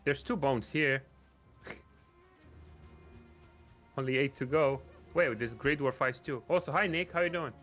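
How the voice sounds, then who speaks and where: A man's voice: mid-range voice, slow, long pauses, a bit bright, soft background music. A man streaming a game with friends, chatting and joking casually with them and with his viewers. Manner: chatty and joking, talks to chat. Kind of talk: casual gaming chat.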